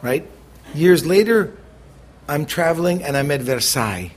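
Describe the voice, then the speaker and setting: A middle-aged American man, a chef as interview guest, telling animated stories and acting out the people he quotes. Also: fairly high pitch. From United States. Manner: animated, acts out quoted voices, quick bursts. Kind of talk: conversational storytelling.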